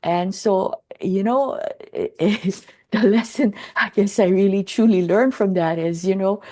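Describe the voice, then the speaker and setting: A woman in a group talk slowly telling a personal story in a calm, rambling way, full of fillers and restarts. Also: mid-range voice. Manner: rambling, lots of "you know" and restarts, calm. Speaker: Ho'oponopono instructor.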